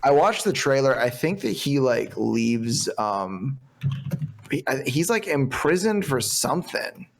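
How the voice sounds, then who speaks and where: A man's voice: mid-range voice, sing-song, unhurried, creaky. A man co-hosting a movie podcast, rambling casually with lots of fillers and some swearing. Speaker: podcast co-host. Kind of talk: casual movie review chat.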